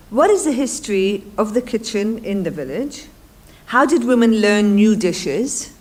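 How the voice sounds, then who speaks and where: A woman reading out a colleague's academic paper at a university panel, in a measured, steady way. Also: mid-range voice. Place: lecture hall.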